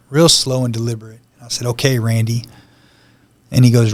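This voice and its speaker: A man's voice: medium pitch, steady tone, fast talker. A man telling his personal testimony as a podcast guest, in a conversational storytelling manner that acts out the lines of the people in it.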